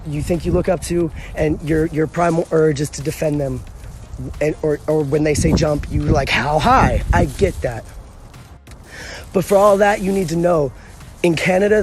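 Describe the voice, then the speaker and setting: Male voice, slightly high, blunt and slangy, recorded over noticeable noise. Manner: blunt and argumentative, casual slang.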